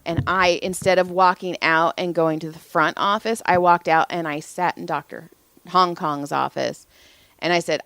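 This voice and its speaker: Lively woman telling stories, dry sound. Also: on the low side, moderate pace, no echo. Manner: animated, profane, acts out quoted voices. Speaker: podcast co-host; massage therapist. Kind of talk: casual storytelling chat.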